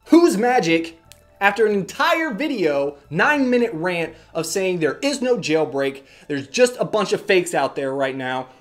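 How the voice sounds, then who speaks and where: A young man hosting a tech channel, sarcastically reading viewer comments aloud and ranting back at them with frequent swearing. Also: high voice. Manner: sarcastic, exasperated, swears freely, mocks commenters in silly voices. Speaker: YouTube tech host.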